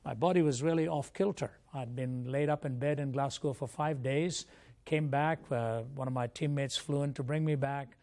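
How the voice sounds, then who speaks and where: Gravelly older man telling his story. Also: medium pitch, steady tone, moderate pace, darkish tone. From India. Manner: earnest, reflective storytelling. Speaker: guest speaker. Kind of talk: personal testimony in an interview.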